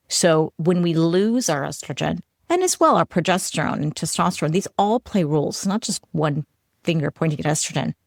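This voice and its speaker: A middle-aged woman hosts a solo educational show, talking in a chatty, animated way with easy laughs. Her voice sits low with a gravelly fry, and the sound is dry and close. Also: no room sound. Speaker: podcast host.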